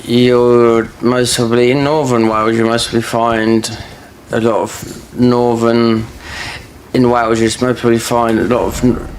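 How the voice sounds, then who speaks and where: A man's voice: medium pitch, little pitch movement, moderate pace, slight background noise. A man chatting casually while he plays a video game, rambling through stories with many fillers and restarts. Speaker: gaming streamer.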